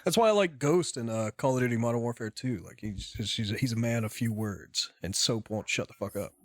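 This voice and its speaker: A man's voice: medium pitch, a little fast, no room sound. A man co-hosting a casual podcast chat, rambling and trailing off, often laughing. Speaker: podcast co-host.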